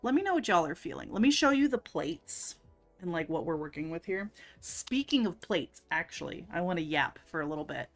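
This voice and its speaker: A woman's voice: fairly low pitch, sing-song, brisk. Lady livestreaming, laughs a lot, talks to chat, faint music behind. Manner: chatty, giggly, greets chat by name. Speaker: livestream host.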